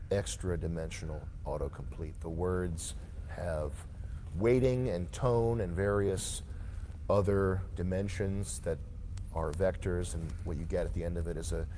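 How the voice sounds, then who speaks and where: A man's voice: sits low, warm tone, a little hiss or hum. A man streamer giving opinionated, lecturing commentary in a reaction stream.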